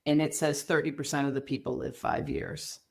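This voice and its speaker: A middle-aged woman, a podcast guest, telling her story candidly in an animated, emphatic way. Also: extremely low pitch, normal speed, vocal fry. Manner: animated, emphatic, acts out quoted people.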